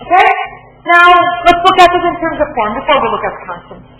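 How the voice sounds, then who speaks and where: The high voice of a woman university lecturer fills a very echoey room, and each word trails off into long reverb. She explains things step by step, repeats her points and keeps checking that her students follow. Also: lively intonation, fairly quick. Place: lecture hall.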